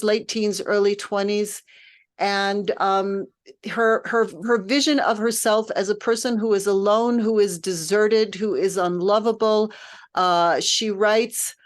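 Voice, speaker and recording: Thoughtful woman giving an informal lecture. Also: mid-range voice. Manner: thoughtful, searching for words, patient. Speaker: music director leading a text study.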